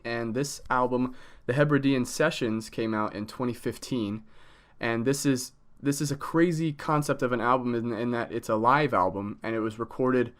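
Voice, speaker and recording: Young guy doing a chatty album review, jokey, swears a bit, normal pitch. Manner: animated, joking, swears casually. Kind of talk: casual video review.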